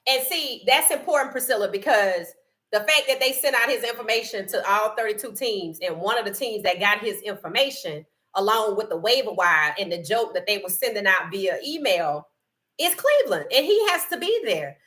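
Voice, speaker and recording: A woman chats on her live sports stream. Her bright voice swings widely in pitch, and she laughs often as she greets viewers by name. She talks in a relaxed, casual way. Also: normal speed. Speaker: livestream sports host.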